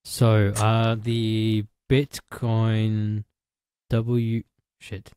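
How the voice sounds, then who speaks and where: Male podcast co-host, slow and halting, low voice, dry close mic. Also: completely flat delivery, warm tone, clear, resonant tone, no room sound. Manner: hesitant, halting. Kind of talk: casual chat.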